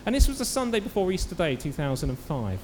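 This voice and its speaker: Man, church preacher, animated sermon storytelling, bright high pitch, faint room ambience. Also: fast, in a large hall, slight background noise. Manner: animated storytelling with acted quotes. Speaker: pastor.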